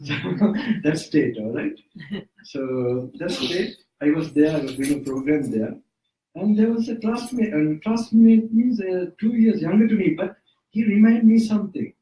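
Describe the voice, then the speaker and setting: A Sri Lankan monk's voice, on the high side and dark in tone, moves at normal speed through an informal dharma talk inside a private home. He keeps correcting himself and chuckling, captured with a distant mic in a roomy setting.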